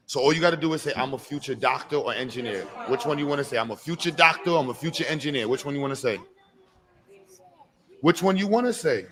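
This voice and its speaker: A man with a raised pitch and a bright, forceful tone hosts a live expo. He coaxes and cheers on a child, playful and full of hype, then hushes to gentle encouragement. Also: a little fast. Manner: coaxing, playful, hype call-outs. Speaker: event host. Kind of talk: energetic live event hosting.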